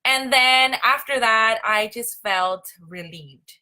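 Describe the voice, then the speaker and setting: Bright-voiced chatty young woman. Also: a little high, slow. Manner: chatty, many fillers like "like" and "um". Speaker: host. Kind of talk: casual live-stream talk.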